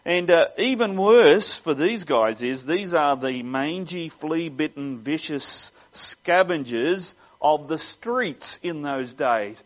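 A man's voice: on the high side, animated, takes it slowly, few pauses. A man preaching a sermon, earnest and teaching, with wry asides. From Australia. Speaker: pastor. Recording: dull lo-fi sound.

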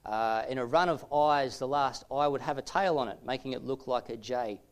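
A man delivering a lecture-style teaching video, explaining step by step in a measured way with frequent filler sounds. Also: medium pitch, smooth.

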